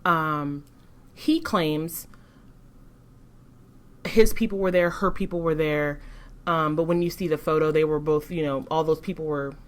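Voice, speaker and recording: Measured woman with a lowish voice. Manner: thoughtful, measured, some restarts. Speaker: co-host. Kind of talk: casual commentary chat.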